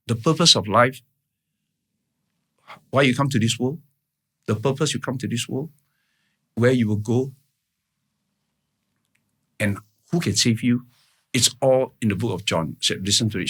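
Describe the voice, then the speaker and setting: A man's voice: mid-range voice, sharp tone, breathy edge. A man speaking as a guest in an interview, telling a personal story in earnest, plain words and often checking in with "right?". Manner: keeps checking in with "right?" and "all right?"; earnest, plain-spoken retelling.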